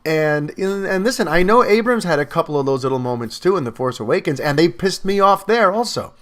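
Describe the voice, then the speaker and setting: Animated man reviewing a film. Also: fairly high pitch, fairly quick. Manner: animated, lots of fillers and restarts. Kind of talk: casual spoken movie review.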